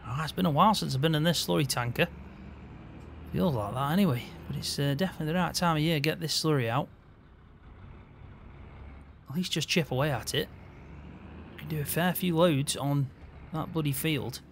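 A man's voice: fairly high pitch, a little fast, creaky, long pauses, a little hiss or hum. A man in casual game roleplay, chatting as a farm hand in an easygoing way with mild swearing.

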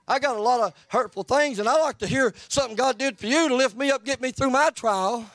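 Male preacher, folksy and earnest, high-pitched, dry close sound. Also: a little fast, a bit bright, no room sound. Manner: plainspoken, folksy and earnest, rising and falling in pitch. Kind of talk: sermon. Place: church sanctuary.

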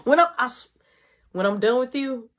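A woman's voice: a little high, moderate pace, a bit bright, lightly acted. A woman voicing her angry, demanding mother, who pleads and threatens in repeated bursts. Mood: threatening. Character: furious demanding mother, middle-aged woman.

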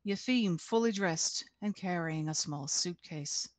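A woman reads from her novel at an unhurried, deliberate pace, giving each sentence weight. Her voice sounds close and dry, with no room around it. She speaks over a video call. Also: lowish voice, no room sound. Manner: measured, deliberate. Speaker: author reading her novel. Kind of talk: expressive reading aloud.

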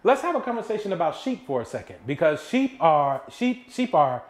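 A man's voice: a little high, sing-song, fairly quick. Casual preaching man in an echoey room. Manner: casual, conversational preaching to teens. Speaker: executive pastor. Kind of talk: youth Bible study talk. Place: church room with a screen behind him.

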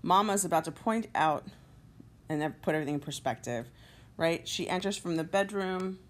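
A woman's voice: lowish voice, moderate pace. A woman teacher walking students through a play, explaining the scenes and reading lines aloud with feeling. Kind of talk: literature lesson walkthrough.

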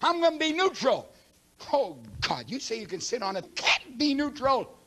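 A man preaching a sermon, emphatic and preachy, swinging between loud declarations and hushed asides, and reading scripture aloud quickly. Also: very high voice, wildly swooping pitch, slight background noise.

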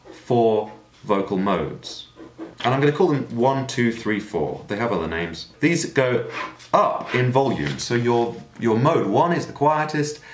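A man's voice: medium pitch, a little hiss or hum. A man explaining singing technique in an explanatory manner, now and then demonstrating sounds. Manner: explanatory, with sung and shouted demonstrations. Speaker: singing teacher. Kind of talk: vocal technique lesson. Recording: echoey room.

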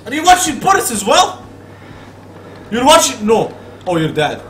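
High bright-voiced man swearing at a game. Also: measured pace, echoey room, a little hiss or hum, poor audio. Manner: excitable, swearing, talking back at the game. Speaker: gamer playing a horror game. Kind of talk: profane let's play commentary.

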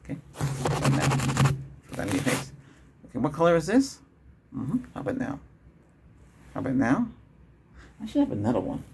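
A man in whispered role-play as a doctor, talking in a chatty, rambling way, laughing often and moving between a whisper, a soft voice and his normal voice. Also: on the high side, wildly swooping pitch, moderate pace, long pauses, noisy background.

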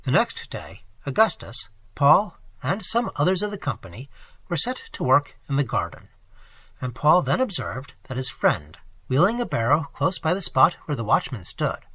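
A man reading a classic novel aloud as an audiobook narrator, in measured storytelling that lightly voices the characters. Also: a little high, huge pitch swings, bright, forceful tone, slightly rough, no room sound. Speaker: audiobook reader.

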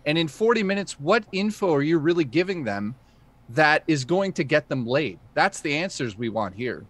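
A man's voice: a little high, big pitch swings, moderate pace, a bit bright. A man co-hosting a stream, asking blunt, probing questions in casual chat. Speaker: stream co-host.

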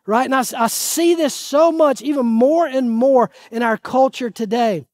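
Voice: sits high, measured pace, hardly any pauses, a little mellow, no echo, clean studio sound. A pastor preaching a sermon, putting questions to the congregation and pressing points home with earnest pleading. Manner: asks the audience questions and answers them.

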